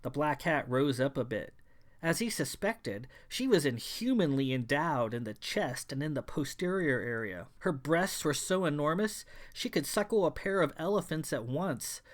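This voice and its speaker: Male author narrating sci-fi fiction, measured, even storytelling read. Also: on the high side. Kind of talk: audiobook narration.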